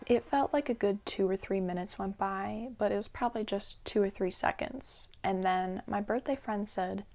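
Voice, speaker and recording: A young adult woman telling a personal story in an animated, dramatic vlog style. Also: mid-range voice, normal speed, few pauses, soft background music. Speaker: vlogger.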